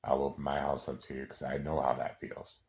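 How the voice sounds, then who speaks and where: Very deep-voiced man, rambling and profane. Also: level tone, gravelly, a little mellow. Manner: rambling and profane, with many halting restarts. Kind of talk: casual personal monologue.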